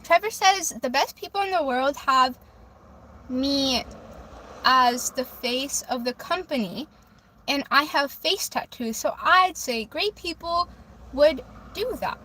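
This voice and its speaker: A woman's voice: high-pitched, lively intonation, slow pace, pushed and bright, a little hiss or hum. A woman livestreaming from a phone in her car, casually reading viewer comments aloud and chatting back. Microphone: phone camera.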